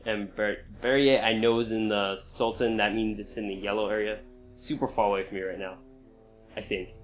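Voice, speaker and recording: A man commentating while he plays a video game, reacting with frequent excited outbursts and exclamations. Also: fairly low pitch, normal speed, highs cut off, soft background music. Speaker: gamer. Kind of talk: gameplay commentary.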